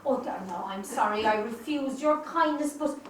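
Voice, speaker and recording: A woman's voice: fairly high pitch, moderate pace, close to an everyday voice. A woman playing a firm, spirited countrywoman in an amateur stage play, heard from far off on an echoey stage. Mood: gentle. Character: proud, firm young Irish countrywoman. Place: theatre stage. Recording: echoey stage recorded from far off with faint hiss.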